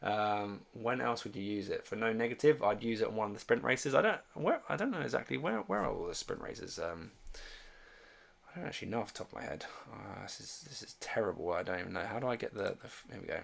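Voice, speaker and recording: Talking quickly in a creaky, lowish voice with lively intonation, a man hosting fantasy sports streams works through viewer comments on his livestream. He thinks out loud casually, full of fillers and false starts.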